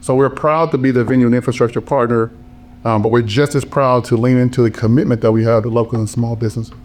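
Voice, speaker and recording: A man speaking on a business panel, his voice hoarse, talking with emphatic passion and repeated phrases. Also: mid-range voice, steady tone, quick pace, a little mellow, a little hiss or hum. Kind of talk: panel talk.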